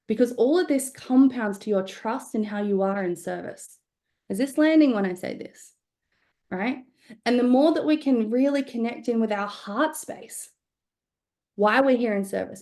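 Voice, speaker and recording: A woman's voice: on the high side, dark tone. A woman teaching a live business workshop in a conversational, candid way, often checking in with "right?". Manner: conversational, frequent "right?" check-ins, casual swearing. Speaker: business coach.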